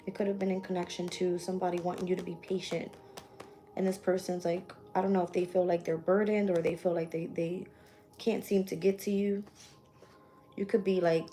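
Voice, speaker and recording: A woman with a fairly low voice talks through a tarot reading in a loose, unscripted way. She is blunt and swears freely, thinking aloud as she names each card she turns. Cards shuffle and click softly behind her over a faint hiss. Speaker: tarot reader. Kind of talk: casual live-stream tarot reading.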